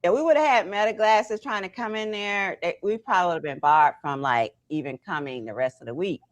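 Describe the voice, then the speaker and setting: Addressing her chat directly, a female livestream host talks in a brisk, animated way with a lowish voice. Her casual points regularly end in "right?" or "okay?".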